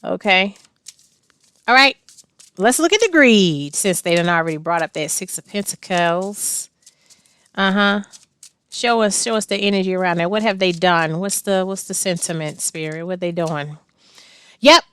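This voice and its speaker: A woman's voice: fairly low pitch, moderate pace, pauses often, a bit bright, clear, resonant tone. A woman doing a casual tarot reading, blunt and slangy, laughing often and cursing freely. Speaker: tarot reader.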